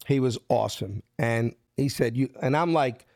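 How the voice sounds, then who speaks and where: A middle-aged man from South Philadelphia with a Philadelphia accent, telling his story with lively acted-out quotes. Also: gravelly, dry recording, clean studio sound. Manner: acts out quotes with shifting pitch, lively and fast. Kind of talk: animated storytelling.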